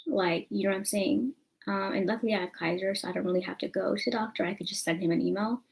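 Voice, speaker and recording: A young woman vlogging casually, rambling with fillers and asides. Her voice sits at an ordinary pitch but carries plenty of creaky vocal fry. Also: fairly even intonation, fast talker, slight background noise, rough recording. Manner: chatty, rambling, lots of fillers. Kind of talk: casual chat to camera.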